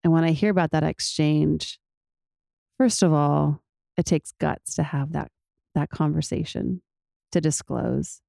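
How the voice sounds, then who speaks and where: Woman with a low gravelly voice, slow heartfelt talking, dry sound. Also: mellow, no room sound. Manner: heartfelt, tender. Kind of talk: casual reflective conversation.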